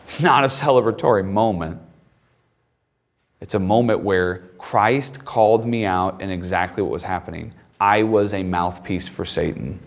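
A man preaching a sermon, retelling the gospel with animated asides and playful voices for the apostle. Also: moderate pace. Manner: animated, voices Peter in a high excited tone with laughs.

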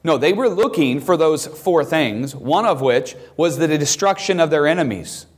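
A man's voice: animated, normal speed. A man teaching a classroom Bible lesson, talking emphatically and reading scripture aloud in a raised voice. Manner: emphatic, reads scripture aloud with rising pitch.

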